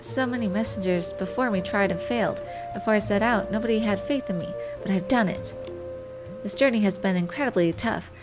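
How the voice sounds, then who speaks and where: A woman's voice: medium pitch, fairly quick, over music, lightly acted. A woman reading the lines of an earnest young messenger in a game, speaking formally and from the heart.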